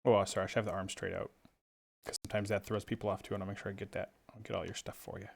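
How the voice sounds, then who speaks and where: Gravelly, playful male art instructor. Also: fairly low pitch, flat delivery, rapid-fire. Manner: playful, chummy, jokey. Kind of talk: drawing tutorial livestream.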